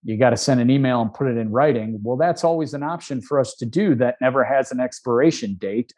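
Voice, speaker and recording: A man, a former reporter, calmly explaining how he handles press coverage in a conversational interview. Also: mid-range voice. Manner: measured, calm, with frequent restarts. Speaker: media relations advisor, former reporter.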